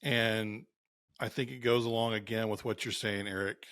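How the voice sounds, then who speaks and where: A man co-hosting a casual podcast, speaking in an earnest, measured way and asking questions. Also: fairly low pitch, fairly even intonation, a bit bright, no room sound, clean studio sound. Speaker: podcast co-host.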